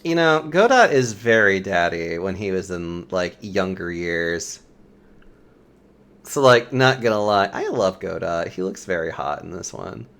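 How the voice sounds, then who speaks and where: Giggly, animated game streamer. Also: deep voice, measured pace. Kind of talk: casual let's-play chat. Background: game music.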